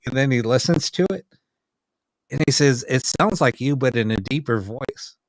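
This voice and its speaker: This podcast co-host, who investigates the paranormal, speaks at a moderate pace in a medium-pitched male voice. Chatting casually, he tells a story with animation, performing the dialogue of the people he quotes. The recording is low quality but free of echo.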